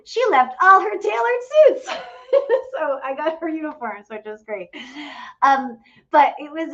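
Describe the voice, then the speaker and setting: A woman's voice: mid-range voice, muffled recording. A woman casually telling a travel story to her followers, chatty and full of fillers and quoted dialogue. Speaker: host of a travel group channel.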